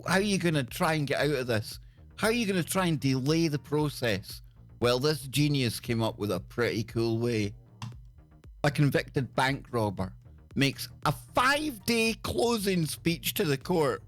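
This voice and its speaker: Crude, joking male stream host. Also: mid-range voice. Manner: crude, joking, rambling, with stammered restarts. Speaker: show host. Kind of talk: casual live-stream news commentary.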